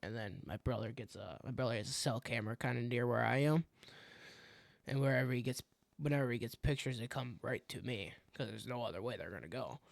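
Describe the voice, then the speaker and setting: A man's voice: medium pitch, brisk, vocal fry, dry recording. A young man, co-hosting a podcast and animatedly telling a hunting story, acting out his own reactions as he goes. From Wisconsin. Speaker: podcast co-host. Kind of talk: casual hunting story chat.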